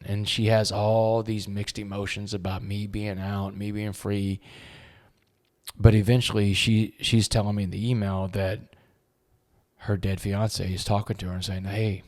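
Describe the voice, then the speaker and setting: A middle-aged man, a podcast guest, telling an emotional story in an earnest, halting way and often repeating words when moved. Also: fairly low pitch.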